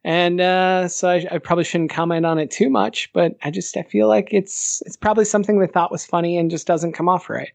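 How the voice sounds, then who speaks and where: A man's voice: high-pitched, fairly even intonation, fairly quick, gravelly, hardly any pauses, no echo. A man hosting a casual podcast, easygoing and laughing as he talks. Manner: easygoing, laughs while talking. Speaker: podcast host.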